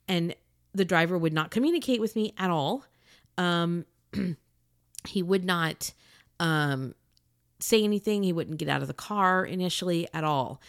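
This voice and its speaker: A woman retelling a personal story in a casual, animated and indignant way, acting out the other people's lines. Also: fairly low pitch, unhurried, pauses often, dry recording, studio quality. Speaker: podcaster telling a personal story.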